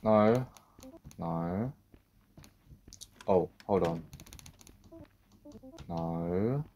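A man giving a let's-play commentary on a horror game, talking to himself, swearing and breaking into sudden loud outbursts. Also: low-pitched, very slow, a little hiss or hum. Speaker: gaming video creator.

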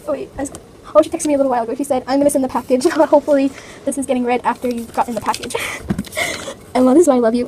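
A teenage girl with a high, quick voice talks her way through an unboxing vlog. She is chatty and playful, with dramatic complaints. Faint noise hangs behind her. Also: darkish tone, rough recording. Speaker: vlogger.

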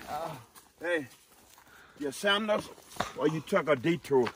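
A man's voice: fairly high pitch, lively intonation, slow pace. A man on an outdoor park trail asking questions in a concerned way. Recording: faint outdoor noise.

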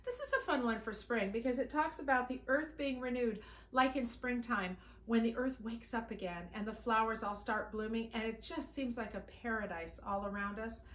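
Bright-voiced woman leading children's singing. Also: fairly high pitch, brisk, reverberant. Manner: upbeat, coaxing, talks directly to young children. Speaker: children's singing time leader. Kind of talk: teaching children songs and scripture.

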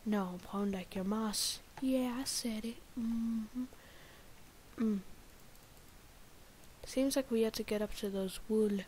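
A woman from India with an Indian accent giving let's-play commentary, excitable, muttering and whispering to herself between loud outbursts. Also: on the high side, takes it slowly, pauses often, a little hiss or hum. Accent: Indian English. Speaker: gamer.

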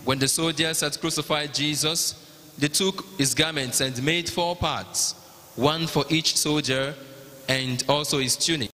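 A man with a Nigerian accent narrating the Passion at a liturgy, in a measured, even reading. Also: fairly high pitch. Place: large cathedral. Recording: long cathedral reverb.

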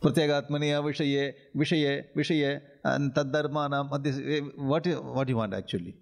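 A man with an Indian English accent and a medium-pitched, creaky voice with fairly even intonation gives an interactive scripture class as a spiritual teacher. He chuckles often, repeatedly asks things like "are you getting it?", and draws out Sanskrit phrases slowly as he recites them.

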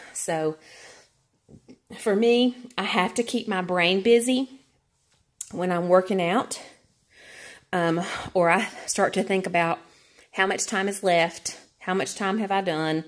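A woman's voice: mid-range voice, takes it slowly, pauses often. Breathless woman on an exercise bike. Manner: chatty, candid, many fillers. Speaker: vlogger. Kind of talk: casual talk to camera while cycling.

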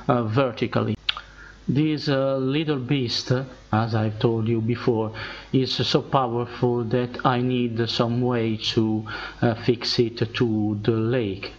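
Male tutorial narrator, unhurried and hesitant, mid-pitched and thoughtful. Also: muffled recording. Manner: slow and deliberate, many filler pauses. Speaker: hobbyist model builder explaining his build.

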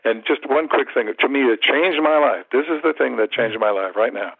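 A man in his seventies, a martial arts teacher, telling stories in an animated way in a podcast interview. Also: mid-range voice, a little fast, gravelly, slightly rough, dry recording, rough recording. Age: 70s. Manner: animated storyteller, acts out quoted thoughts, repeats words.

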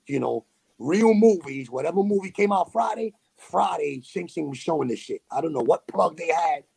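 A man tells a story as a podcast guest. His voice sits a bit high and sounds gravelly and husky. He talks in animated street slang and drops in sound effects. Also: normal speed. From New York City. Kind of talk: casual storytelling.

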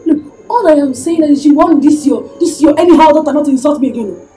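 Brief: woman as a high-voiced Nigerian mother, indignant, music faint under. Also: fast talker, dark tone, lightly acted. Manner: indignant, challenging questions.

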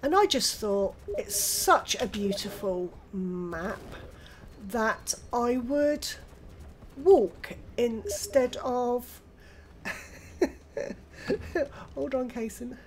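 An older British woman hosting her own gaming channel, chatting excitedly through gameplay and with friends on voice chat. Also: a little high, slight background noise. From United Kingdom. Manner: chatty, excitable, quick exclamations. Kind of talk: casual gameplay commentary.

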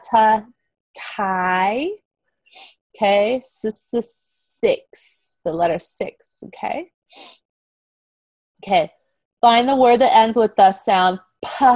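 A young woman from the United States gives a phonics lesson to small children over a video call. She speaks slowly and very clearly, sounding out each letter again and again. The recording is dry and a little dull. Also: a little high, dry recording. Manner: slow, clear, encouraging, repeats letter sounds. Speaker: kindergarten English teacher.

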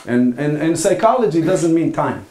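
A man giving an academic philosophy talk at a conference, speaking in a halting, thoughtful way with frequent pauses. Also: on the high side, expressive, a little mellow. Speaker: philosophy lecturer. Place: lecture hall. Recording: echoey lecture hall.

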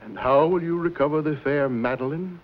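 A man's voice: on the high side, a little fast, close to an everyday voice. A man playing a silky, mocking villain. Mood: silky menace. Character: suave menacing male villain, smooth-talking gang boss. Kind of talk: 1950s TV western acting. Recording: dull lo-fi 1950s TV soundtrack.

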